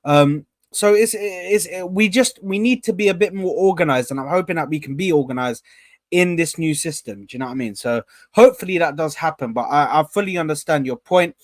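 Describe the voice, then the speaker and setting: A young man hosting a casual live stream, rambling and repeating himself as he gives shout-outs to viewers. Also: a little high, fairly quick, dry recording, studio quality.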